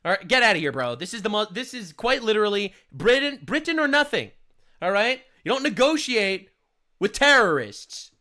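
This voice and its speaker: Reacting to a political video on stream, this American man fires off loud, sarcastic, emphatic interjections. He speaks at a moderate pace in a high-pitched, sing-song voice.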